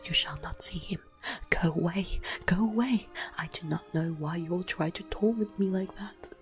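A woman's voice: lowish voice, normal speed, faint music behind, lightly acted. A woman voicing a bitter, fierce peasant woman of about forty in a whispered role-play, lamenting and lashing out. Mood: furious. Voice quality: breathy whisper. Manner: lamenting, then shouting in anger.

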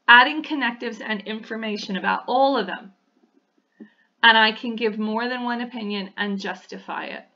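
A woman's voice: a little high, pushed and bright. A woman teacher, talking through a lesson voice-over in a patient way and often checking in with "okay?". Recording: dull, lo-fi audio.

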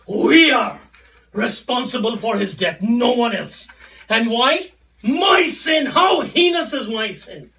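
A man preaching an impassioned sermon, often raising his voice to a shout and repeating phrases for emphasis. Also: very high voice, distant mic.

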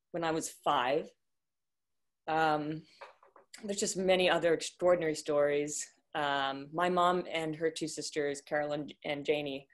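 A young woman with a lowish voice speaks over a video call from home. Her talk is halting and full of fillers, with an emotional catch as she recalls her grandmother and reads a eulogy. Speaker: granddaughter sharing memories. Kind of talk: casual remarks and reading a eulogy.

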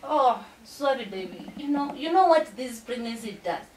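A woman's voice: fairly high pitch, lively intonation, normal speed, slight background noise, lightly acted. A Zimbabwean woman playing a whiny, demanding pregnant young mistress in a comedy skit, giggling between her complaints. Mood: wheedling. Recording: roomy, distant from mic.

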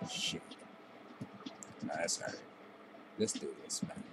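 A man's voice: normal speed, music in the background, rough recording. A young man giving casual, profane trash-talking commentary while playing a video game. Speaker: gameplay commentator.

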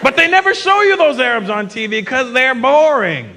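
A man performing a stand-up comedy set on a theater stage in an animated, mocking way, often slipping into impressions. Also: extremely high pitch, normal speed. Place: theater stage before a live audience. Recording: live show with loud crowd and noise. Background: loud audience laughter.

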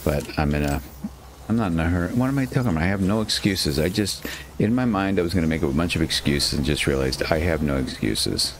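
A man with a very low, deep voice talks his way through a survival game in loose, rambling commentary. He chats to his on-screen character and jokes at his own expense, with a faint hiss under the recording. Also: animated, fast talker. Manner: chatty, self-mocking, talks to his character. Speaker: gaming channel host. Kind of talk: casual gameplay commentary. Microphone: headset.

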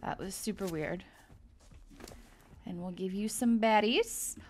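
A woman's voice: medium pitch, slow pace, slight background noise. A young woman casually commentating her own gameplay, chatty and gushing over the creatures she tames. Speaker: gaming video host. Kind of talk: casual let's-play commentary.

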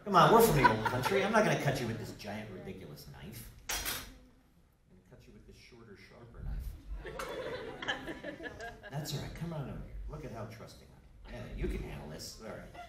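Lively New Jersey man hosting on stage. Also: mid-range voice, fast talker, background noise. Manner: joking, teasing, animated banter with laughs. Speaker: live stage show host. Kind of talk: live comedy stage show with audience banter. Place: indoor theater stage. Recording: echoey theater from far off, loud crowd.

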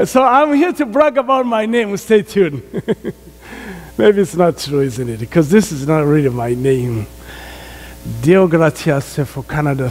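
A man with an African accent preaches a jovial sermon, laughing easily as he talks. His voice sits high for a man. It rings out with the long reverb of a large church sanctuary. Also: a little mellow. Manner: jovial, laughs often between remarks. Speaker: guest preacher. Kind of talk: sermon with prayer.

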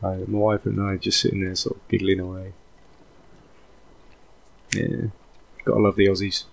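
Man, let's play host, lowish voice, relaxed rambling commentary, thinks out loud. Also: moderate pace, creaky. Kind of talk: casual gameplay commentary.

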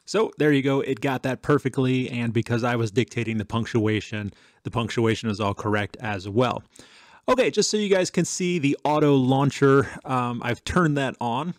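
A man hosting a tech channel, chatting casually through a software demo with some fillers and dictated test sentences. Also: mid-range voice, animated, moderate pace, dry recording.

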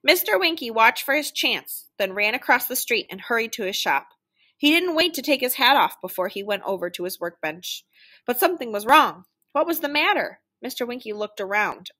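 Lively woman reading a picture book. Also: a little high, normal speed. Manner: animated, sound-effect voices for noises. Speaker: children's book reader. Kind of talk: storybook read-aloud.

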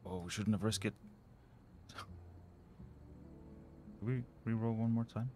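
Low-voiced man thinking aloud over gameplay. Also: fairly even intonation, a little slow, darkish tone, slight background noise. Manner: muttering, thinking aloud, trailing off. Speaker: let's play host. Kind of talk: casual gameplay commentary.

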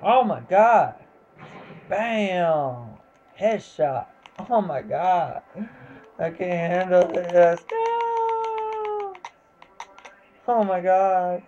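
A gameplay commentator talking casually over a match, excitable, exclaiming and swearing at the game. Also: medium pitch, extremely slow, muffled recording, slight background noise.

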